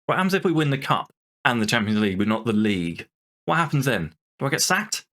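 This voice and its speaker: Brief: male game streamer, bright forceful tone, swears and rants while calling the play. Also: medium pitch, fast talker. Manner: exasperated, swearing, ranting; lively play-by-play over a football game. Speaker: gaming channel host. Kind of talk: let's-play commentary.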